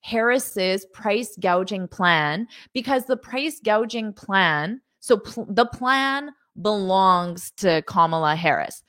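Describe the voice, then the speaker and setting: A woman teaching an English lesson on a live stream, greeting viewers by country and repeating words slowly to model pronunciation. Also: mid-range voice, lively intonation, a bit bright. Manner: enthusiastic, greets viewers, laughs often.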